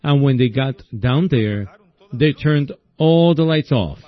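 A man preaching a sermon in a slow, folksy storytelling way, often asking his listeners "see?". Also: mid-range voice, lively intonation. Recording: dull lo-fi recording.

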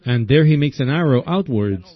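A man preaching a sermon in a slow, folksy storytelling way, often asking his listeners "see?". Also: medium pitch, expressive. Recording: dull lo-fi recording.

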